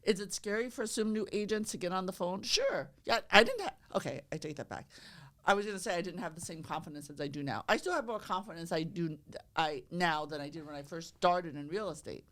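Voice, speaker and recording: A woman, a real estate agent chatting on a podcast, loud and energetic, acting out both sides of her phone calls. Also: lowish voice, brisk. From the Bronx, New York. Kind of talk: casual podcast chat.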